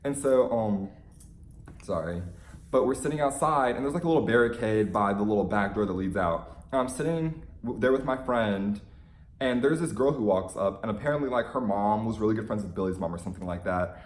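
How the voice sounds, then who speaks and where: A young man telling an excited fan story in a casual vlog, gushing and full of "like"s. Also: fairly low pitch, brisk, roomy sound, a little hiss or hum. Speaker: vlogger.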